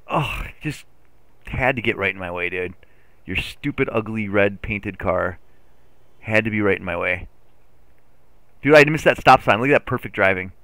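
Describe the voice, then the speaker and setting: Excitable, gravelly male game streamer. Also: on the low side, no room sound. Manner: playful, excitable, jokey with chat. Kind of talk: live gameplay commentary.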